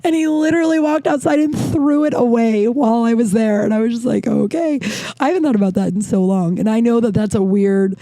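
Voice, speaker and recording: A woman in her thirties hosting her podcast, telling candid, animated stories with frequent tangents and casual swearing. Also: a little high, fast talker, hardly any pauses, no echo. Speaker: podcast host. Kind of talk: casual storytelling monologue. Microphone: desk microphone.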